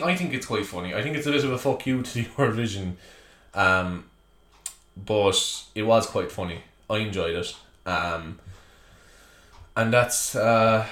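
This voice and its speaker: A man's voice: medium pitch, a bit bright. An Irish man hosting a solo comedy podcast, ranting chattily with lots of joking asides, recorded in a small room at home. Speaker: podcast host. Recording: echoey room.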